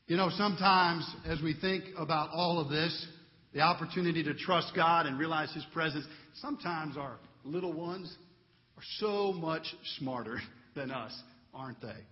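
A man in his thirties delivers a sermon in a relaxed, talky way and tells stories about family life. His voice sits high. The recording is dull and muffled, with the long echo of a large church. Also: moderate pace. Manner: conversational preaching with storytelling and a closing prayer. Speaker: pastor.

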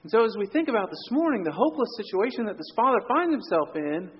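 Man, pastor, conversational sermon, husky, dull muffled recording. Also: high-pitched, big pitch swings, fast. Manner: conversational storytelling, drops to quiet for emphasis.

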